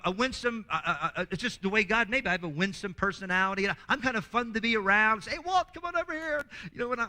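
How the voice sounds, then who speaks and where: A man presents a workshop in a lively, humorous teaching talk, acting out quoted voices and frequently restarting his words. His voice sits high.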